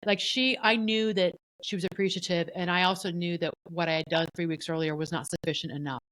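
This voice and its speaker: A middle-aged woman co-hosting a podcast, telling a personal story in a candid, animated way and acting out what others said. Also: on the low side, a little fast, no room sound, low-quality recording. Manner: candid, animated, often voices the people she quotes. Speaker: podcast co-host.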